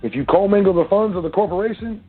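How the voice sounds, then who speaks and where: A man's voice: sits high, fast, breathy edge. Man, radio host, casual street talk, preachy, tinny phone-line sound, faint music behind. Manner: street-casual, preachy, talks straight to listeners. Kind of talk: casual monologue on an internet radio show.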